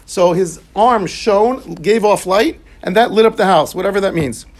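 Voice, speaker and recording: A man's voice: high-pitched, normal speed. A man teaching a Talmud class, reading the Aramaic and explaining it line by line in English.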